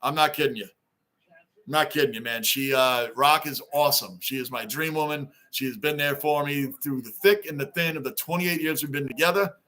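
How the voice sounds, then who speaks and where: Middle-aged male stream host, high-pitched, excitable, chatty, repeats lines for emphasis. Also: fairly quick. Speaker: livestream host reading fan chat. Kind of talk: casual livestream chat. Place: home basement.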